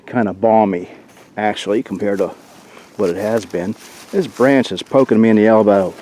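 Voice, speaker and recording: A man's voice: fairly low pitch, moderate pace. A man chatting casually to his camcorder while out alone in winter woods by a creek. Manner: relaxed, chatty, talks to the camera. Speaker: outdoor vlogger. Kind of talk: casual solo vlog. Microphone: handheld camcorder mic.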